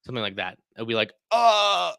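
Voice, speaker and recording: A man's voice: medium pitch, expressive, a little fast, a bit bright, no echo, clean studio sound. A man hosting a casual livestream, chatting and reacting to viewer comments. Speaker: livestream host.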